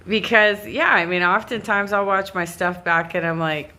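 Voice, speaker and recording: This Southern California woman, Californian accent and all, delivers a rambling, casual monologue to her live stream audience, interrupting herself and laughing now and then. Her fairly low voice comes out pushed and bright at a moderate pace with few pauses.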